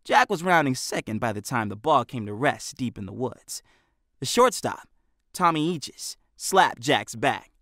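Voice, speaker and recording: A man narrating an audiobook with expressive storytelling, recorded in a booth. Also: mid-range voice, unhurried, no echo, studio quality. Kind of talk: scripted narration.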